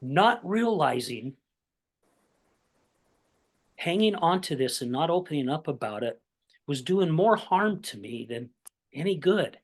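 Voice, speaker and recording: A man's voice: fairly high pitch, measured pace, long pauses, slightly rough. A man hosting a podcast tells a long personal story to his guest. He acts out the people in it and keeps checking in with "right?" as he goes. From Utah, USA. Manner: animated storyteller, acts out quoted voices, says "right?" often. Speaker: podcast host. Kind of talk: conversational interview storytelling.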